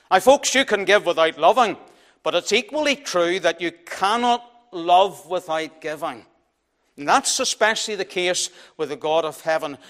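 Preacher, male, high-pitched voice, emphatic measured sermon delivery. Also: fairly bright tone.

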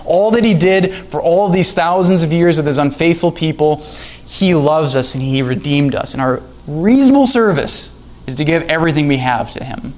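A man's voice: fairly high pitch, moderate pace. A man preaching a sermon as pastor, earnest and rising in emphasis when quoting scripture.

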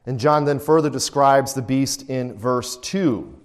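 A man teaching a Bible study at a middle pitch, in a relaxed, conversational manner. He keeps turning to his listeners with rhetorical questions. His voice rings with the long reverb of a large room. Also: unhurried.

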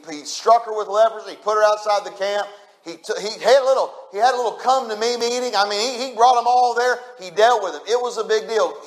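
A man's voice: high-pitched, fairly bright tone. A man preaching a sermon, repeating his points with emphasis and speaking straight to the congregation. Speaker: pastor.

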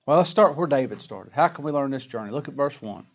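A man preaching a sermon, folksy and plain-spoken, full of rhetorical questions, reading scripture slowly and with weight. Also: medium pitch, animated, lo-fi sound. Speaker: pastor.

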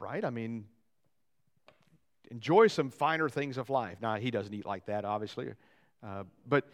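Animated man preaching a sermon. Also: mid-range voice. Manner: animated preaching, swinging from loud to quiet; folksy, joking asides to the congregation. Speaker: pastor. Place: church sanctuary.

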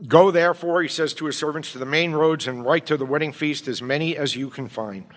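A man preaching a sermon as pastor, emphatic, swinging between quiet, low passages and loud, urgent appeals. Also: brisk. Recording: long hall reverb.

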